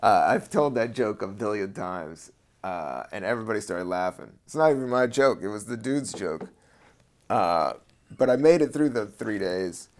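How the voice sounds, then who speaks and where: A man hosting his own podcast as a comedian, talking in a loose, meandering way with casual swearing, a little high. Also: animated, normal speed. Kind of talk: casual rambling podcast monologue.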